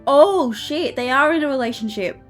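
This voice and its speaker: A woman's voice: sits high, expressive, moderate pace, soft background music. A woman playing a narrative puzzle game, thinking aloud in a chatty, amused way and reading its letters out. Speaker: game streamer.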